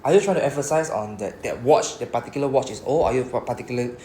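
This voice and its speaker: A man with a Singaporean English accent teaches a class, explaining patiently and checking in with his students. His voice sits in a middle pitch. The recording picks up a lot of room echo and a faint background hum. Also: lively intonation, fast, warm tone. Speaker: Japanese teacher. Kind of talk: classroom lesson. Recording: echoey classroom.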